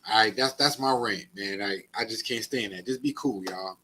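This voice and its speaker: A man's voice: lowish voice, moderate pace, sharp tone, a little hiss or hum. A man co-hosting a podcast, ranting in casual slangy chat. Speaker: podcast co-host.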